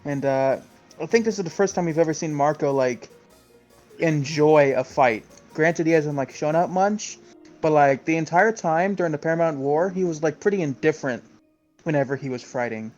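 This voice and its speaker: A man's voice: on the high side, moderate pace, darkish tone, muffled recording, faint music behind. A man co-hosting a podcast, chatting casually as he recaps a comic chapter, rambling with many fillers. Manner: laughs often. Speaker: podcast co-host.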